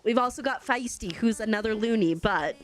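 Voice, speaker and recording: A woman's voice: a little high, brisk, faint music behind. A chatty woman with a light Canadian accent, laughing often as she talks casually to her live-stream chat while gaming. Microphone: desk microphone.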